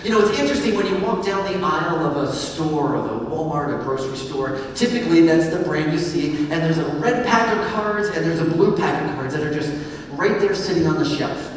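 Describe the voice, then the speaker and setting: Energetic man speaking in an echoey hall. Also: on the high side, a little fast, distant mic. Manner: energetic, playful, chatty with the crowd. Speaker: keynote speaker and business magician. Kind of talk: lively conference keynote with audience banter. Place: large event hall.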